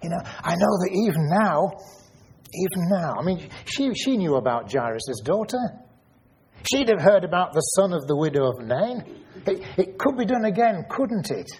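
A man's voice: high voice, very animated, normal speed, darkish tone, husky. A man preaching a Bible study sermon, thinking aloud and asking questions, often repeating his words.

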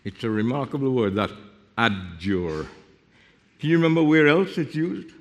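A man preaching a sermon, explaining Bible verses and reading them aloud, with sudden drops to a hushed voice. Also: medium pitch, big pitch swings, normal speed, muffled recording. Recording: long reverb of a hall.

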